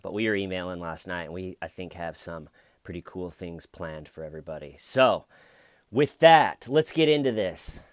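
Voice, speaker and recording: A man with a very low voice chats through a true crime case in casual commentary. He rambles and drops wry jokes along the way. The sound is dry and close, with no room to it. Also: normal speed, no room sound.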